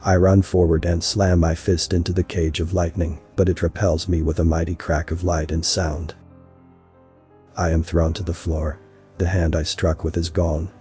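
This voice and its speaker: A man narrating a first-person story in a measured, steady way. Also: deep voice.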